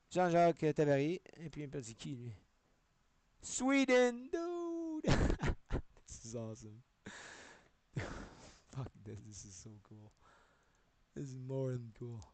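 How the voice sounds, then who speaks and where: A man's voice: mid-range voice, warm tone, no echo. A man live-streaming, talking in a rambling way, swearing and jumping between topics as he goes.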